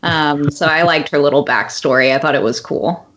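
A woman with a low voice talks casually as a podcast co-host, filling her sentences with ums and small laughs. The recording sounds somewhat dull and lo-fi. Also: normal speed, fairly bright tone. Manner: chatty, laughs often, many ums. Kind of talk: casual chat.

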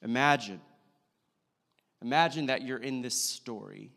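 A pastor preaches a sermon at an unhurried pace and slows down deliberately to drive a point home. His voice sits at an ordinary middle pitch for a man. A long reverb trails behind it, as in a large sanctuary. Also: creaky, fairly bright tone. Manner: measured preaching with slow, deliberate emphasis.

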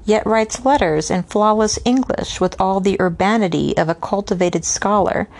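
Casting note: woman, lower-pitched voice, casual read-aloud of a classic novel with asides; steady but stumbles over unfamiliar names. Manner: reads steadily, stumbles on hard names and pauses for unscripted asides. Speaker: reader.

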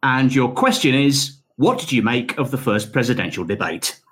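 A man's voice: medium pitch, animated, moderate pace, a bit bright. A man hosting a casual group quiz game, reading out questions and laughing at the answers. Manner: reads out pre-written questions, stumbles and laughs. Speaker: quiz host.

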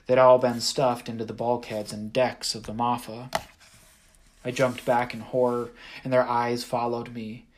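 A man reading a first-person audiobook in a measured, even storytelling manner. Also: mid-range voice, a little hiss or hum. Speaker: audiobook narrator.

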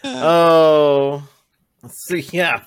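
A man hosting a podcast in casual chat, halting and laughing often. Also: on the high side, fairly even intonation, clear, resonant tone, dry recording. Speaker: podcast host.

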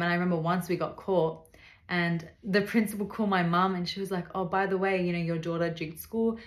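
A woman's voice: on the low side, roomy sound. A woman hosting a podcast, giving casual faith-based advice in an earnest, direct way and speaking straight to the listener. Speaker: podcast host.

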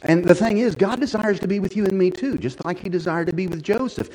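A man preaching a sermon in church, folksy and conversational, building to loud, emphatic stretches. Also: high-pitched, fast talker, slight background noise, poor audio. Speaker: pastor.

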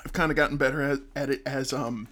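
A man's voice: medium pitch, fairly even intonation, quick pace, a bit bright. A young man co-hosting a casual podcast, joking and asking questions while his mouth burns from hot sauce. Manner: joking, laughing, asks the questions. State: mouth burning from spicy food. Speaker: podcast co-host. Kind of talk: casual chat.

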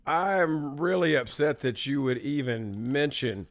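A man with an ordinary mid-range voice chats with a co-host. His delivery is dry and deliberate, with a teasing edge. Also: medium pitch, expressive. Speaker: movie podcast co-host. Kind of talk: casual chat.

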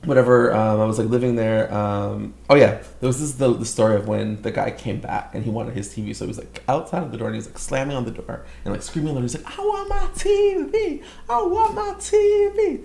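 A young man from Canada tells a story in loose, rambling chat, full of filler words. His voice is gravelly, with a lot of vocal fry. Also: fairly low pitch, fast, hardly any pauses, a little mellow, roomy sound. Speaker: guest storyteller. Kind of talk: casual chat.

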